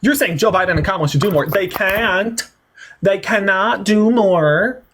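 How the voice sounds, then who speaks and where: A man hosting a livestream political debate, talking fast, mocking and sarcastic, with theatrical swings in tone. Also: high-pitched, fairly bright tone, slight background noise.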